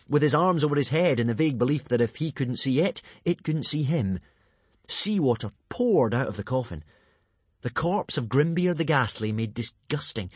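A man reading a story aloud with lively, dramatic narration. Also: mid-range voice, slightly rough, no echo.

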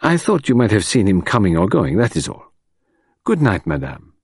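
A man voicing a fastidious elderly detective who speaks in a clipped, formal way with French touches. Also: fairly low pitch, huge pitch swings, a little mellow, slightly rough, dry recording, clean studio sound, full character voice. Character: fastidious elderly male detective, polite and sharp.

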